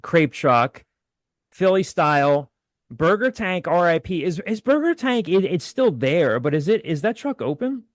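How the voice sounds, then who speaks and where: A man's voice: a little high, very animated, measured pace, dry recording. Guy hosting a podcast, reading listener posts, chatty, dry close mic. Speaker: podcast host. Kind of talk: casual chat.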